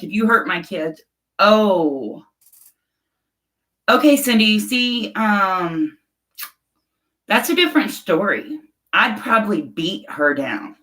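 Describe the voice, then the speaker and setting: In a low-quality recording, a middle-aged livestream host with a mid-range, bright and forceful voice chats with her viewers. She reads their comments aloud, speaks bluntly and emotionally, and laughs often.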